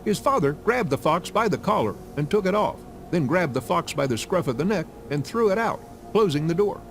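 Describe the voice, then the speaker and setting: A man reading a story game aloud as a let's play narrator, with an expressive delivery. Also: on the high side, a little fast, creaky.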